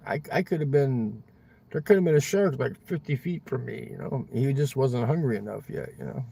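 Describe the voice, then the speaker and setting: Rambly guy chatting to his stream from his car, keeps saying man, husky low-key voice. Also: a little fast, dark tone, dry recording. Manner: rambling, drawling, swears a lot, ends lines with "man". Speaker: livestream host. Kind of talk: casual chat with viewers. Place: inside a parked car.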